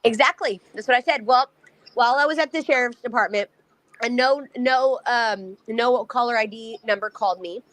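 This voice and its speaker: Heated, profane woman ranting, bright voice. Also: a little high, normal speed. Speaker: mother telling her story. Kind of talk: angry personal account.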